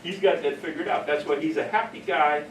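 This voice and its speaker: A man with a fairly high voice runs a training workshop, telling stories in a casual, self-mocking way. He is picked up from across an echoey room. A faint hum of room noise sits behind him. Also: fairly even intonation, brisk. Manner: casual, anecdotal, laughs at own stories. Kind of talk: workshop talk. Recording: echoey room, heard from a distance.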